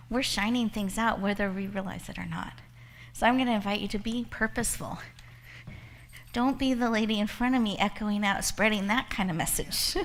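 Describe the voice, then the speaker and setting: A woman giving a motivational talk, telling a story and speaking straight to her listeners. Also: mid-range voice. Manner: warm storytelling with laughter, addresses listeners directly. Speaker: speaker and host.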